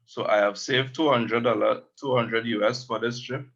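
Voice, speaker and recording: A man teaching a language lesson, slowly explaining words and repeating them. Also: medium pitch, steady tone, gravelly, fairly bright tone, dull audio.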